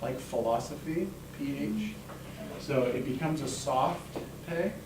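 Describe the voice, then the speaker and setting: A man's voice: medium pitch, lively intonation, a little slow. Patient male teacher in echoey classroom. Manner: patient, coaching students syllable by syllable. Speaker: Hebrew teacher. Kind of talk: classroom instruction. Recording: echoey room, mic at a distance, faint noise.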